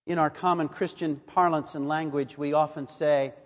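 Man, sermon, earnest measured delivery, high voice, reverberant hall. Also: fairly even intonation. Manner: measured, earnest scripture reading. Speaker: preacher.

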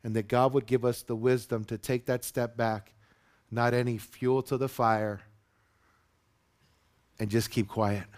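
This preacher has a medium-pitched voice, a measured pace and long pauses. Standing before his congregation in the sanctuary, he tells an animated story and acts out the quotes in it.

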